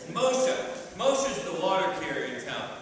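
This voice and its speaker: A man telling a folktale to a live audience, playful and animated, often checking in with his listeners. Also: high-pitched, normal speed. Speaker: storyteller. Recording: echoey hall, mic far off, background noise.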